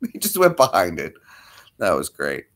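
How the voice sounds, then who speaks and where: Lively man chatting on a livestream. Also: sits low, slow pace. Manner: animated, greets viewers by name, talks to his dog. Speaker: livestream host. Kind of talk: casual livestream chat.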